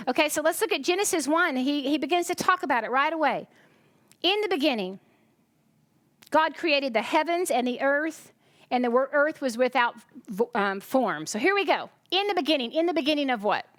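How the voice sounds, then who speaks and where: A woman from the United States, sounding tired, gives a conversational sermon in a high, animated, fairly bright voice at normal speed. She's chatty, keeps breaking off to question the congregation, and the studio sound is clean with no echo.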